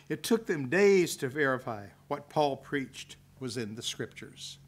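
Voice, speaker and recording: A man's voice: mid-range voice, animated, slow. An older man giving a folksy sermon, chuckling now and then and reading scripture aloud. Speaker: preacher. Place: church hall at a religious festival.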